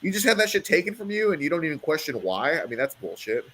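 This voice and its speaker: A man's voice: fairly high pitch, big pitch swings, quick pace, bright, forceful tone. A young man on a casual online panel, talking with lots of restarts and swearing. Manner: hesitant, swearing, frequent restarts. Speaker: panel guest.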